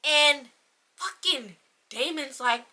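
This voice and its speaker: Bright, fiery woman ranting. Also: sits high. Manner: animated, profane, fast rambling. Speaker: book reviewer. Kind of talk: casual ranting book review.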